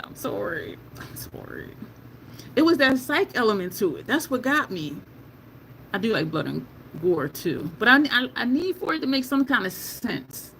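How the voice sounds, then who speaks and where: A woman's voice: on the low side, fairly bright tone, slight background noise, low-quality recording. A woman beauty vlogger in casual chat while doing her makeup, answering viewer comments and laughing often.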